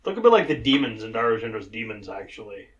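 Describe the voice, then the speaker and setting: A man's voice: lowish voice, big pitch swings, fast talker, a bit bright, dull audio. A man co-hosting a casual movie review show, wry and sarcastic. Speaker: podcast co-host.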